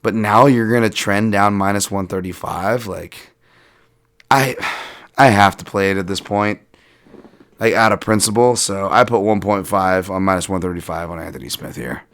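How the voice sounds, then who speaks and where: A man hosting a solo podcast, breaking down fights in a casual, animated way, swearing and laughing as he rambles through asides. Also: on the low side, moderate pace. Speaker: podcast host and fight analyst.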